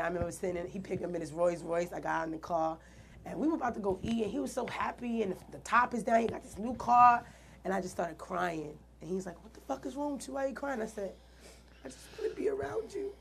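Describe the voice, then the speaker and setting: A woman's low, gravelly voice carries a candid interview story. She talks earnestly and plays out the remembered dialogue, over a faint bed of background noise. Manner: earnest, animated retelling with quoted dialogue. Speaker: guest artist.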